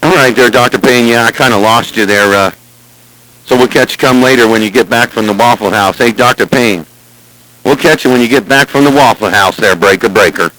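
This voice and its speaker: A man's voice: medium pitch, a little fast, a bit bright, no room sound, poor audio. A man in casual chat over a CB radio, with folksy talk and repeated greetings. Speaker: CB radio operator. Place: Southern California, near the Salton Sea. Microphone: CB radio transmission.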